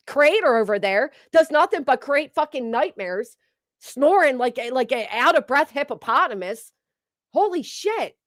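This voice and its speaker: Streamer, woman, high pitch, dry close sound, foul-mouthed mocking rant. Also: animated, a little slow, no echo. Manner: blunt, mocking, swears heavily. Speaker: commentary streamer. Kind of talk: profane reaction commentary.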